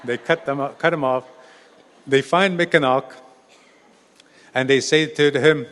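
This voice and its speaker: A man's voice: medium pitch, steady tone, measured pace, long pauses, a bit bright, in a large hall. A man telling an oral story at a gathering, informal, restarting words and tossing in "eh". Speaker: storyteller and speaker at a treaty gathering.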